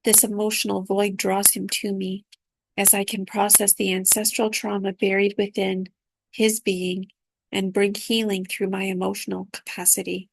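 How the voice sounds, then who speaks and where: A woman reading aloud from her own spiritual dream journal in a soft, unhurried, reflective way. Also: mid-range voice, little pitch movement, gravelly, no room sound.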